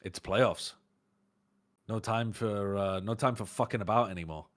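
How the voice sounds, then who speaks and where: A man co-streaming an esports match, reacting quickly and swearing casually. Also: fairly low pitch. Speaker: watch-party co-streamer. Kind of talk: casual esports watch-party commentary.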